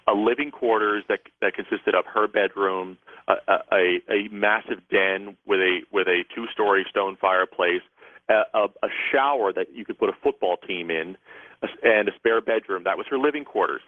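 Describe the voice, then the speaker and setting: A man's voice: on the low side, normal speed, no echo. A man, a guest author and psychic, telling a rambling story with many restarts during a radio interview. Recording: tinny phone line.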